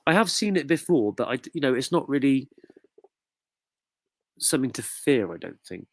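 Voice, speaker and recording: A man's voice: mid-range voice, very animated, moderate pace, vocal fry, dry recording. A man from the UK hosting a casual live quiz, jokey and chatty as he reads out viewers' comments. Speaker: quiz host.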